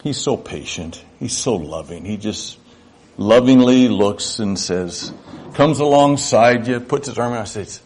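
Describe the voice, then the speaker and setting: A man's voice: medium pitch, lively intonation, unhurried, a little mellow. An older man preaching a sermon to his church, folksy and reflective, sometimes acting out little dialogues. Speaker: pastor.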